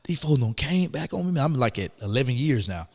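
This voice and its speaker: A middle-aged man, a guest telling his story in an animated, emphatic way, full of "man" and "you know what I'm saying". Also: medium pitch, fairly quick, in a large hall. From Atlanta, Georgia. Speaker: interview guest. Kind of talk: conversational storytelling.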